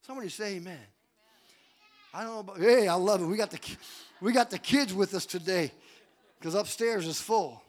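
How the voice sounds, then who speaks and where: Brief: middle-aged male pastor, high voice, dynamic call-and-response preaching. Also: brisk, long pauses. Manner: preaching with call-and-response, swelling to shouts then dropping low. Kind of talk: sermon. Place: church sanctuary.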